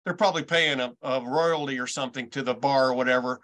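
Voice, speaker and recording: Bright-voiced man in his sixties. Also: medium pitch, fairly even intonation, fast talker. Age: 60s. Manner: folksy, rambling, stammers when framing questions. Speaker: host. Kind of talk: casual sports chat.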